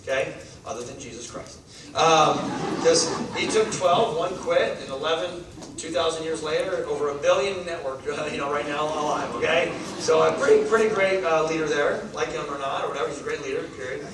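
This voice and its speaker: A man in his thirties giving an energetic motivational talk to a live audience, firing off questions to the crowd. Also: fairly high pitch. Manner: energetic, rapid-fire, asks the crowd questions. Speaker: network marketing speaker. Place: large meeting hall. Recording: echoey hall, distant mic, background noise.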